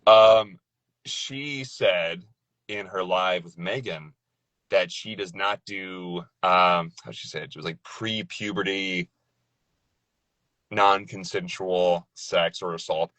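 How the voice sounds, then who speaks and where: A young adult man, a guest voice actor, chatting casually on a podcast, jokey and animated, often repeating words as he starts a thought. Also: low-pitched, slow pace, no room sound.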